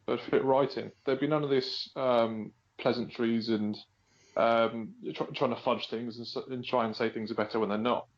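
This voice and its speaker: A man's voice: medium pitch, steady tone, normal speed. An English man co-hosting a podcast, talking bluntly and jokily, mimicking other people's voices. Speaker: podcast co-host. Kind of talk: casual chat. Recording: dull lo-fi podcast audio.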